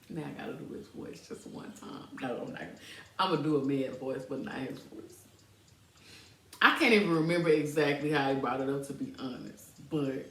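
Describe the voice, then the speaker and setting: A woman hosting a podcast, telling a personal story to her audience in a casual, animated way, often laughing. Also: rumbling low, moderate pace, echoey room, recorded from a distance. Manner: animated, breaks into laughter, speaks to "y'all". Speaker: podcast host.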